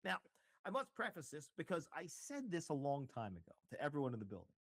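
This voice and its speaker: A middle-aged radio host, appearing as an interview guest, tells a story in casual conversation in a slightly high voice. He talks fast and animatedly, acting out the dialogue with laughs, and there's no echo.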